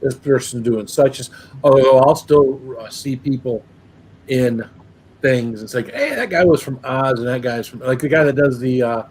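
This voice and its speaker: Casual male host, relaxed group-chat delivery, light background noise. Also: mid-range voice, moderate pace, rough recording.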